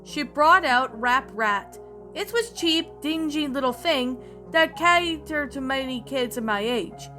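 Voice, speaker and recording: Bright-voiced woman reading a creepypasta. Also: sits high, expressive. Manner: slightly halting reading with restarts. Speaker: creepypasta narrator. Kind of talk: storytelling narration. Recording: faint background music. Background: music.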